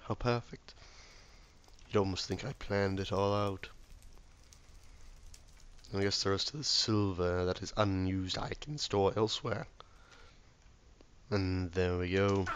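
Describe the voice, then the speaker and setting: A hoarse, ill man talking himself through a game, often muttering softly or near a whisper. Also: sits low. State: hoarse from illness. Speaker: gameplay video maker. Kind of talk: relaxed gameplay commentary.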